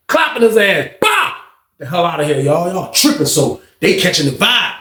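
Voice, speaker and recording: A man telling a story in casual, slangy talk, acting out loud quotes along the way. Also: high voice, moderate pace, reverberant. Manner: animated, slangy, swings into loud acted-out quotes.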